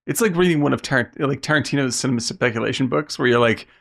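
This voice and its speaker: A man's voice: medium pitch, fast, vocal fry, fairly bright tone. A man co-hosting a casual film podcast, talking enthusiastically with plenty of fillers. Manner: enthusiastic, lots of likes and yeahs. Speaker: podcast co-host.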